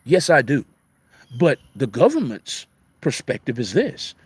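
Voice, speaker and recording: A man's voice: medium pitch, huge pitch swings, unhurried, husky, no echo. A middle-aged man hosting a casual live talk, answering comments in an emphatic, repetitive, preachy way, with a mix of city and country speech. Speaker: radio host answering viewer comments.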